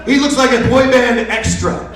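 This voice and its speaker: A man's voice: extremely high pitch, lively intonation, normal speed, a bit bright. A man doing a sarcastic, profane stand-up rant at a live comedy show. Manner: ranting, sarcastic, heavy swearing. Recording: echoey live room, voice from far off the mic.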